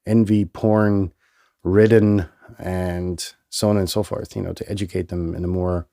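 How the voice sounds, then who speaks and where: A man's voice: low voice, little pitch movement, measured pace, vocal fry, dark tone, no echo, clean studio sound. A man hosting a solo podcast in a rambling, profane, self-amused way, still a bit nasal from a cold. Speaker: podcast host. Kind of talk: casual solo podcast monologue. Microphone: headphones and studio mic.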